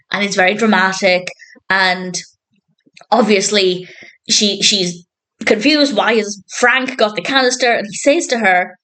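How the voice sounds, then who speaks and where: A woman's voice: medium pitch, fairly bright tone, low-quality recording. A woman giving a casual spoken review of a TV episode, earnest and chatty, often laughing and repeating words as she goes.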